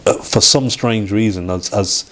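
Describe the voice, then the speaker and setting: A middle-aged man, an interview guest telling a personal story in a halting way, with restarts and acted-out quoted dialogue. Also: on the low side, a bit bright.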